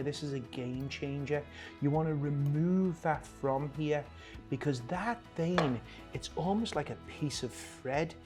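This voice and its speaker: A man's voice: on the high side, a little mellow. A man hosting a cooking demonstration, chatty and joking, often talking to his cameraman. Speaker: chef hosting a cooking show.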